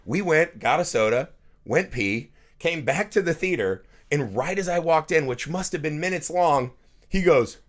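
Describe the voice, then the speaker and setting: A man in his thirties co-hosting a podcast, chatting casually, swearing freely and acting out film scenes with lively energy. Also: fairly high pitch, moderate pace. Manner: animated, swears freely, acts out movie scenes. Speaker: podcast co-host. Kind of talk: casual chat.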